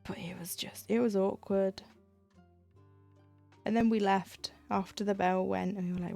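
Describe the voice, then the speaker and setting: A woman's voice: mid-range voice, fairly even intonation, a little slow, vocal fry, pauses often, dark tone, soft background music. A young woman chatting casually as she stitches on a live stream, telling rambling school stories with laughs. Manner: rambling storytelling with laughs and self-quoting. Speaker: livestreamer stitching cross-stitch. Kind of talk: casual chat while crafting.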